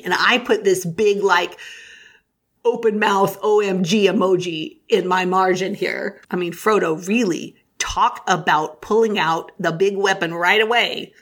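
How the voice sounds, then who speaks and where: A woman co-hosting a casual book discussion, animated, reading passages aloud between comments. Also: medium pitch, a little slow. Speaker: podcast co-host.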